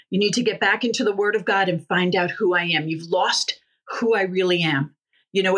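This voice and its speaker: A middle-aged woman with a husky, slightly breathy voice tells her story in an interview. She speaks earnestly and with fervour, and she often stops and restarts her sentences. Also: medium pitch, a bit bright. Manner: earnest, fervent, many restarts. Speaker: guest, healing ministry co-founder. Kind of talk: personal testimony in an interview.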